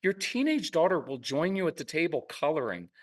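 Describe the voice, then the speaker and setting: A man talking casually in an interview, telling lively parenting stories and acting out parents and kids in quick asides. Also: on the high side, far from the mic. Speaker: parenting podcast host and guest expert. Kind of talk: conversational interview.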